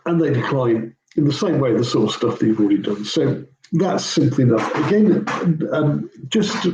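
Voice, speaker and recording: A man's voice: medium pitch, animated, normal speed, noisy background. A man, a pastor, talking through biblical Greek grammar in an informal lesson, hesitant, with many ums and self-corrections. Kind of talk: informal teaching walkthrough. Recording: roomy echo.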